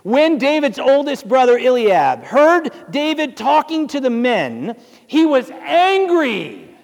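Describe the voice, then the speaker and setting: A man's voice: very high-pitched, wildly swooping pitch, takes it slowly, gravelly, long reverb tail. A male pastor preaching a sermon, telling the story dramatically and asking his listeners rhetorical questions.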